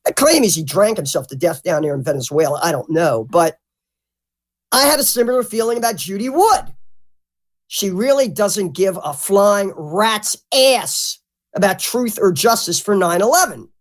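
A woman speaking as a guest in a loose, casual interview. She is blunt and salty with her words, and her pitch jumps around a lot in an animated, expressive way. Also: normal speed. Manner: blunt and profane; animated, mimics others. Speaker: podcast guest.

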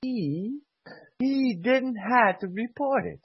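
Slow-paced and slightly rough, his very high voice is expressive as this ex-army sergeant guest vents in a heated, emotional rant. He curses and repeats himself to make his point, heard in dull lo-fi sound with no echo.

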